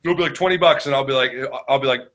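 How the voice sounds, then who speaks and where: A man's voice: mid-range voice, racing. A man chatting as a guest on a casual podcast, joking and acting out quotes. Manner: animated, joking, acts out quotes. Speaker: guest musician.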